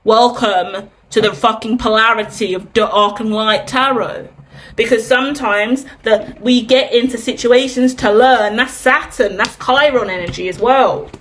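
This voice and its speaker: In an unhurried, high-leaning voice, a tarot reader in her thirties talks through a reading. Her monologue is casual and candid, peppered with rhetorical questions to herself and plenty of swearing.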